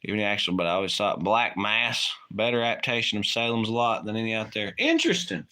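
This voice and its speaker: Bright-voiced, profane man on a livestream. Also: on the low side, little pitch movement, quick pace, clean tone. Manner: rambling, profane, laughs often. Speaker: livestream co-host. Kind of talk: casual late-night chat.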